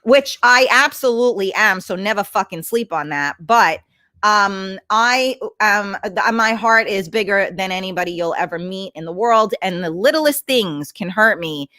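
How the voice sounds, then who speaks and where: A woman's voice: medium pitch, expressive, a little slow, dry recording. Blunt chatty woman host. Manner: blunt, chatty, swears freely; warm greetings to viewers by name. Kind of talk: casual livestream chat reading comments.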